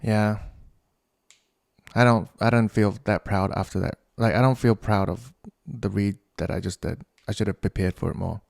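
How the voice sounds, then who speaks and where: A man with a New Zealand accent hosts a casual solo podcast in a low, creaky voice with a darkish tone. He rambles, swears freely and laughs at his own tangents.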